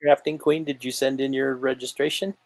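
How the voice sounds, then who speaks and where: A man's voice: medium pitch, flat delivery, a little fast, gravelly, heavy background noise. A man co-hosting a live auction stream, reading viewer comments and looked-up facts aloud. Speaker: auction co-host reading chat. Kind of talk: casual live-stream banter.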